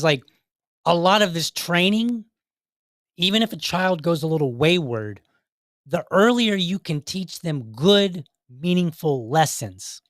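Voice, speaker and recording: A man's voice: on the high side, fairly bright tone, no room sound, clean studio sound. A man hosting a podcast, giving casual, earnest commentary on videos, talking in a rambling way with restarts. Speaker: podcast host.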